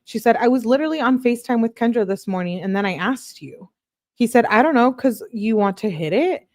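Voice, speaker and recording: A woman's voice: on the high side, fairly quick, no echo. Woman host, casual commentary, sarcastic, reads texts aloud, dry close mic. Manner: chatty and sarcastic, laughing often, reading quotes in flat voice. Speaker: true crime channel host. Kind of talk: casual commentary reading text messages aloud.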